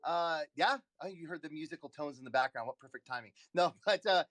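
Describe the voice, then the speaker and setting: A man co-hosting a casual live chat, laughing often and talking in an excited, rambling way. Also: fairly high pitch, a little fast. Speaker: co-host.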